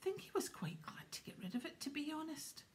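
A woman voicing a big, gruff, proud male gamekeeper in a whispered role-play. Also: high voice, sing-song, brisk, voice pushed up.

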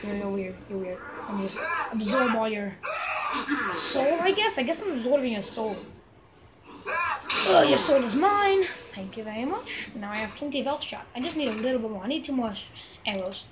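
A young woman casually commenting on her gameplay, chatty and excitable, yelling at enemies now and then. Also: a little high, fairly quick, over a noisy crowd, low-quality recording. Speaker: gamer.

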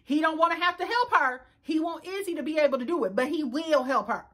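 High-pitched sassy lady in her 30s, loud casual recap chat, speeds up and slows down a lot. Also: animated. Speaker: reality TV recap host.

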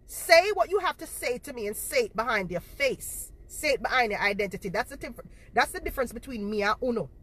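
A woman's voice: a little high, expressive, brisk, fairly bright tone. Fiery woman in her forties. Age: 40s. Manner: confrontational, repeats herself for emphasis. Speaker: livestreamer. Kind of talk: livestream rant to her viewers.

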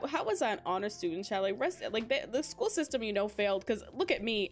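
25 yo girl streamer chatting to chat, giggly, super lively up and down voice. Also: on the high side, a little fast, soft background music. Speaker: livestream host. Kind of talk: casual gaming livestream chat.

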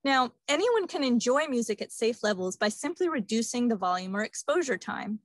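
A woman audiologist giving a steady, informative webinar presentation. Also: a little high, a little fast, no echo.

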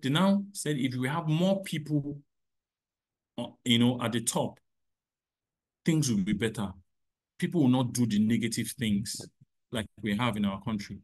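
A man giving a motivational parenting talk over a video call, emphatic, repeating phrases and swinging between loud and soft. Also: fairly high pitch. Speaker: parenting speaker.

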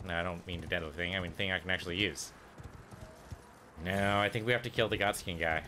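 A man with a low-pitched voice talks his way through a game session, muttering his thoughts half to himself. Game ambience and noise sit clearly under his voice. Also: fairly even intonation, fast talker, bright, forceful tone. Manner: muttering, thinking aloud to himself. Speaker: let's play gamer. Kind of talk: casual gameplay commentary.

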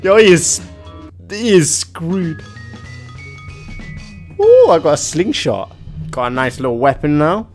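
Young man, gaming commentary, excitable, lively swooping pitch, slightly high voice. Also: slow pace, long pauses, faint music behind. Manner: excitable, yelps and laughs, slangy. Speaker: gaming YouTuber.

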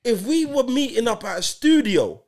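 A man in his forties co-hosting a podcast, telling stories in animated, insistent casual banter. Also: very high voice, normal speed. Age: 40s. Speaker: podcast co-host.

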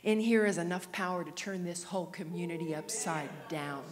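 A woman's voice: on the low side, fairly quick. Woman preacher in a reverberant church. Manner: animated storytelling, drops to whispers and rises to loud prayer. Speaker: guest preacher. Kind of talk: sermon testimony with prayer. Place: church sanctuary. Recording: long church hall reverb.

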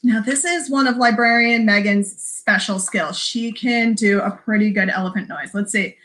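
With a medium-pitched, slightly bright voice at normal speed and few pauses, a female librarian reads a picture book for young children. She's encouraging and sing-song, throws in animal noises, and talks to the kids watching, recorded on a livestream camera mic.

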